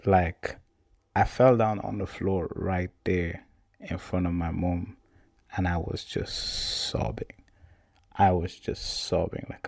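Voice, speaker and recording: Young guy on a podcast, gravelly voice, dry close mic, tells his story casual and repeats himself a lot. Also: low voice, no echo. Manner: casual, repetitive, animated retelling. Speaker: podcast host. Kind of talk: personal storytelling.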